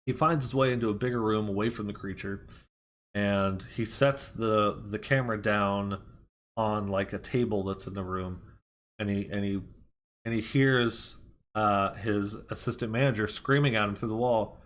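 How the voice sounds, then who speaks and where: A man's voice: lowish voice, steady tone, moderate pace, a bit bright. A man giving a casual movie review, retelling the plot in a rambling way with fillers and restarts.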